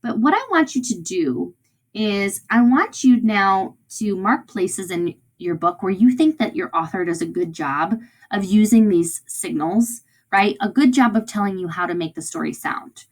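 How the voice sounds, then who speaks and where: A woman teacher speaks to young children in a recorded lesson. She is encouraging and keeps checking that they follow along. Her voice sits at a middle pitch for a woman. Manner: encouraging, often checks in with "right?" and "okay?".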